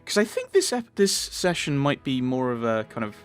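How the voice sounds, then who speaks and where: A man's voice: medium pitch, big pitch swings, moderate pace, soft background music. A man casually commentating his game playthrough, rambling with lots of restarts. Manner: rambling, chatty, many fillers and restarts. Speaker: let's play host.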